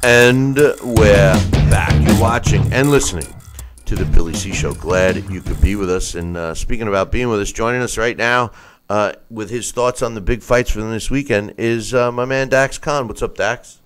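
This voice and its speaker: A man hosting a talk show, chatting and telling stories in a lively, casual way. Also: on the low side, moderate pace, soft background music. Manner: chatty, animated storytelling. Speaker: host.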